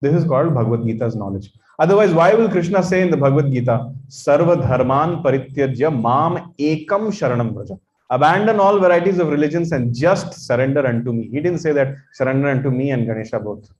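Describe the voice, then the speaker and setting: Speaking fast with hardly any pauses, a man with an Indian English accent gives an emphatic religious lecture as part of a course he teaches, repeating phrases and chanting in Sanskrit. His voice is medium-pitched and darkish with lively intonation, and the recording is echoey and dull.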